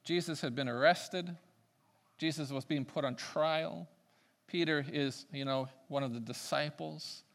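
A man preaching a sermon, swinging between loud emphatic peaks and quiet asides. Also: a little high, unhurried, creaky.

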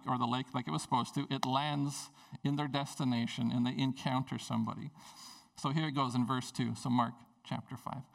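Gravelly man preaching a lively sermon. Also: mid-range voice, distant mic. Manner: conversational, animated storytelling preaching. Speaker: pastor. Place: church service.

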